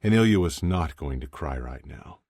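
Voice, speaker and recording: A man narrating an audiobook in an even, measured reading. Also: very deep voice, no echo, studio quality. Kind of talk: scripted narration.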